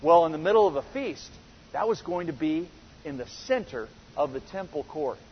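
High-voiced man teaching scripture in a hall. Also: expressive, moderate pace, slight background noise. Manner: earnest, rhetorical questions, frequent restarts. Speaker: Bible teacher. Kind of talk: verse-by-verse Bible lesson. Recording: reverberant hall, dull lo-fi sound.

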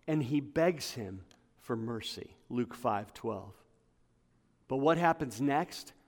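A man preaching a sermon to his congregation, building to emphatic peaks and dropping to quiet asides. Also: lively intonation, takes it slowly. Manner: passionate, rising to emphatic peaks then dropping low. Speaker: pastor. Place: church hall with congregation. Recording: long hall reverb.

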